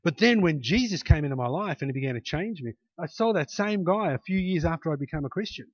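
A man preaches in an easy, conversational way, a little higher-pitched than most men. He tells stories, acts out the voices of the people in them, and builds to emphatic exhortation. The recording is dry and somewhat dull. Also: lively intonation, fast, dry recording. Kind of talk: conversational sermon.

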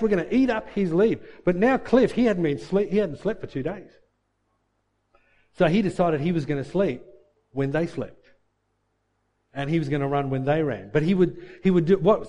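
A man telling a story with lively energy, acting out the people in it and sometimes repeating words as he goes. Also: a little high, normal speed. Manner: animated, acts out quoted voices, repeats words when excited. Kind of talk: motivational storytelling.

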